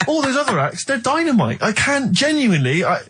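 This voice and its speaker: Man, radio co-host, dry mock-earnest delivery, rapid, husky. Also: very high voice, very animated, a bit bright. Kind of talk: casual radio banter.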